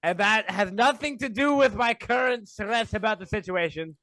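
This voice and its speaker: A man's voice: high voice, moderate pace, bright, forceful tone, no room sound. A man playing a tabletop game, joking and wry in his chat. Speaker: player.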